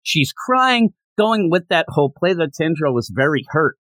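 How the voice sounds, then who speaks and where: A man with a fairly high, very lively voice recaps a manga chapter on a podcast, swinging up and down as he tells the story. He slips into quick character voices along the way. The sound is close and dry, with hardly any room around it. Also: dry recording. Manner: animated, jumps into character voices while retelling. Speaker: podcast co-host.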